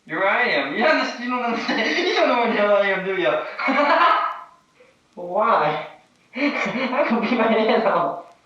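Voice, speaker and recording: A man with a high, swooping voice rambles in a slow, giggly drift, looping back on the same words. He sounds bright and edgy, heard from some distance in a very echoey room on a dull, muffled old tape. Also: big pitch swings. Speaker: documentary subject. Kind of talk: candid rambling monologue.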